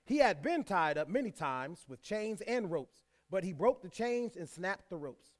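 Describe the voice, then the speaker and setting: High-pitched guy preaching, reads scripture and says stuff twice for emphasis. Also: big pitch swings, unhurried. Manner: repeats key lines for emphasis, folksy asides. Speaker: pastor. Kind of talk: sermon with scripture reading.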